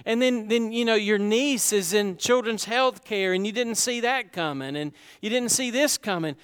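A man's voice: high voice, moderate pace, fairly bright tone, smooth, big-room sound. A middle-aged man preaching a sermon, talking conversationally and asking the congregation rhetorical questions. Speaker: pastor.

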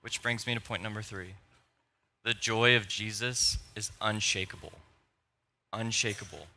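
Bright-voiced guy preaching a sermon in church, playful and nerdy. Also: fairly low pitch, a little slow. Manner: playful, excitable, self-deprecating, nerdy enthusiasm. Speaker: pastor. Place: church sanctuary.

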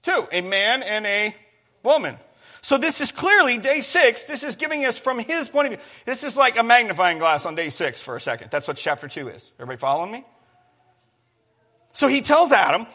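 A man's voice: high-pitched, big pitch swings, brisk, pushed and bright. A man preaching a sermon, emphatic, repeating phrases and calling on the congregation to answer.

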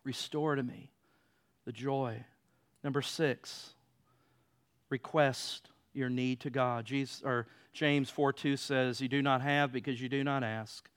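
A man preaching a sermon, moving between loud emphatic passages and quiet, low stretches. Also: fairly even intonation, slow, clean tone. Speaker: pastor.

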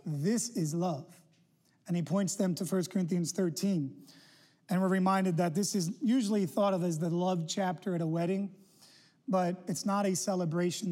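A man's voice: high voice, darkish tone. A man in his forties giving a casual, storytelling sermon to a church congregation, full of asides and restarts. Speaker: guest preacher. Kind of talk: conversational sermon. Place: church sanctuary.

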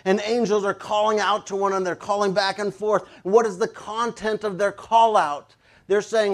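Pastor, male, higher voice, lively humorous sermon delivery with playful shouts. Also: normal speed. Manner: animated, jokey, bursts into playful shouts.

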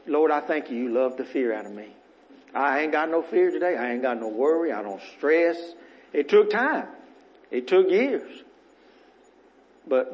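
A man preaching a sermon in church as minister, earnest and rambling, his voice going a little rough. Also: a little high, darkish tone, lo-fi sound. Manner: earnest, rambling, repeats words as he restarts. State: voice getting rough.

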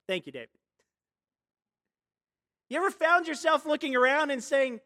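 A pastor preaching a sermon in a conversational, storytelling way, full of rhetorical questions and sudden drops and rises in loudness. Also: medium pitch, sing-song, normal speed. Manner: big swings between hushed and loud.

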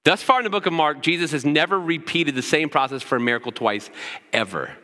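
A man's voice: a little high, fast, pushed and bright, in a large hall. A man preaching a sermon as pastor, often checking in with "right?" as he teaches. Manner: preaching with frequent "right?" asides.

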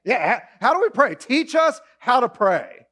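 Male pastor, high voice, lively sermon delivery with acted-out quotes. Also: moderate pace. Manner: animated, acts out voices in quotes. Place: church auditorium, also streamed online.

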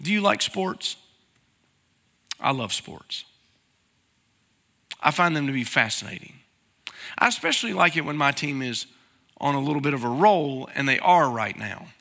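A man's voice: a little high, animated, moderate pace, vocal fry, pauses often, bright, forceful tone, in a large hall. A man, preaching a sermon as pastor and talking to the congregation with plain questions. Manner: conversational, asks the congregation questions.

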